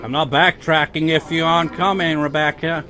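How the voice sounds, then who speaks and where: A man's voice: on the high side, fairly even intonation, moderate pace. A man giving casual, sarcastic commentary while playing a video game, swearing often and talking back to the characters. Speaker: let's play gamer. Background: game music.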